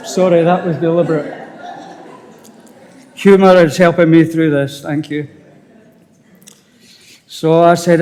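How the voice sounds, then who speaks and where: An older man with a Scottish accent, a widower giving a halting, emotional funeral eulogy with touches of dry humour. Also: fairly high pitch, fairly even intonation, a little mellow, big-room sound. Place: funeral service.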